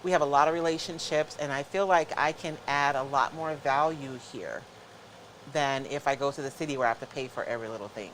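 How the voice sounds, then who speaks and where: A woman's voice: extremely low pitch, a little fast, a little hiss or hum, poor audio. A middle-aged woman hosting a live craft show, chatting casually and explaining each step to her viewers.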